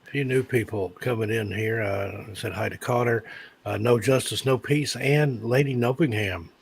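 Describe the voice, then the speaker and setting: A man's voice: medium pitch, normal speed, gravelly, breathy edge. A man co-hosting a podcast, chatting casually in a laid-back way with dry remarks. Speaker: podcast co-host. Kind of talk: casual chat.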